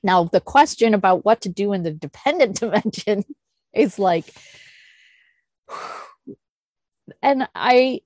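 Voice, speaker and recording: A woman leading a meditation group discussion, thinking aloud with soft sighs and laughs. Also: mid-range voice, expressive, takes it slowly, pauses often, no echo. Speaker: Zen teacher leading a discussion. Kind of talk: unscripted dharma talk and Q&A.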